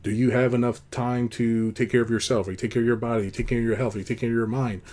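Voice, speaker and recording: A man hosting a casual monologue, rambling and blunt, acting out quoted lines in a high put-on voice. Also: little pitch movement, racing, a little mellow. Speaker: host.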